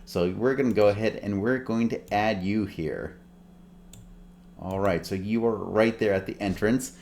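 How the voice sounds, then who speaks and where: A man narrating as game master in a relaxed, filler-heavy way. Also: on the low side, measured pace, creaky, a little hiss or hum. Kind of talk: running a tabletop game.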